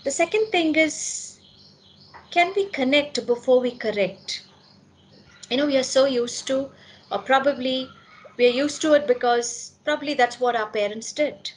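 With slight background noise, a woman whose voice sits high speaks at normal speed to a school meeting of parents. Her parenting talk is sincere, and she asks herself questions only to answer them.

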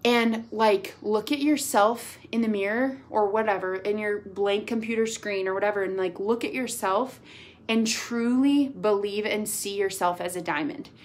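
A woman, speaking over a video call as a team leader giving a pep talk. Her delivery is gushing and upbeat, loose and chatty, full of fillers. Her voice sits at a middle pitch. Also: moderate pace. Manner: gushing, upbeat, lots of "like" and "y'all". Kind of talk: casual motivational talk.

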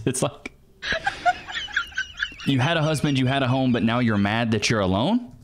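A man's voice: medium pitch, normal speed, pauses often, background noise. A man commenting on video clips in a mocking, sarcastic tone. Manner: mocking, sarcastic, calls people honey. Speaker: commentary host reacting to clips. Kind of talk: reaction commentary.

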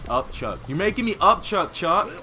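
Man commentating a video game, yells a lot, crude jokes, very animated pitch, game music behind. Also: normal speed. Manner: loud, yelling, crude joking. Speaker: let's play gamer. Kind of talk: casual gameplay commentary.

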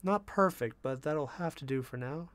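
A man talking casually to viewers as he paints miniatures, relaxed and self-deprecating, muttering to himself about small mistakes. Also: a little high, moderate pace, dry recording. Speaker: miniature painting channel host.

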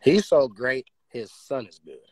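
A man talking in a casual podcast chat, excitable and swearing freely, his pitch jumping high when he gets worked up. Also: a little slow. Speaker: podcast host.

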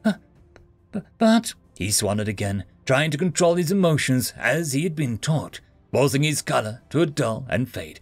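Expressive male story narrator. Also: mid-range voice, moderate pace, few pauses, dry recording, soft background music.

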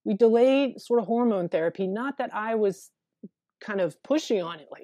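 A woman therapist in a casual interview, talking haltingly and repeating words as she thinks aloud. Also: medium pitch, expressive, warm tone, no room sound. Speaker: therapist guest.

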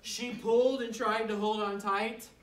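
In a school room full of first graders, a woman children's author reads a rhyming picture book aloud, playful and animated, tossing joking asides to the kids. Her voice is a little high and measured; the echoey room, distant mic and loud, chattering, laughing children add background noise.

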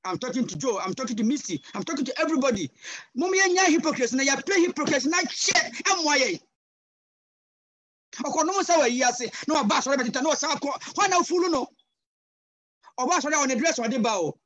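Over a video call, a Ghanaian-accented guest pastor delivers a fervent sermon in a very high voice, moving back and forth between English and Twi and erupting in abrupt loud cries. The audio has no echo.

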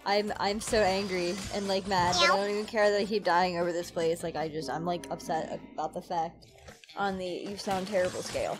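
A woman streaming a video game, talking casually to her viewers, with frequent loud outbursts and a lot of swearing. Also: fairly low pitch, fairly quick, over music. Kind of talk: casual let's-play commentary.

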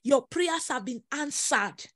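A woman's voice: high voice, expressive, takes it slowly, fairly bright tone, no echo, studio quality. A woman delivering prophecies in an emphatic, repetitive preaching style with dramatic exclamations. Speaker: prophetess leading prayer. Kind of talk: prophetic sermon over prayer call.

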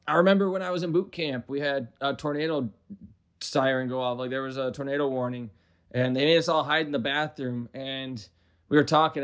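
A man's voice: fairly high pitch, fairly bright tone. Rambling self-mocking man from the Midwest. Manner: rambling, self-deprecating, profane asides. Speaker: gaming commentator. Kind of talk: casual game commentary.

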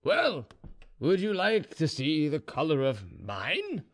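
A man's voice: on the high side, huge pitch swings, slow pace, full character voice. A man voicing a boastful, contented male serf who is drinking brandy, speaking in an easygoing, smug way. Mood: teasing.

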